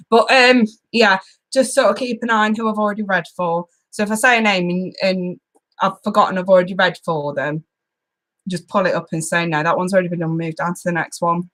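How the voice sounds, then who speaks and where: A woman's voice: medium pitch, a bit bright. A woman hosting a live tarot stream, chatting casually and giggling as she greets viewers by name.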